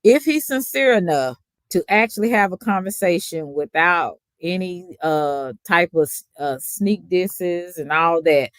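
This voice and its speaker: A woman hosting a casual streamed interview, asking pointed, direct questions. Her voice is low, and the sound is dry and close. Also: animated, unhurried, no echo. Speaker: host.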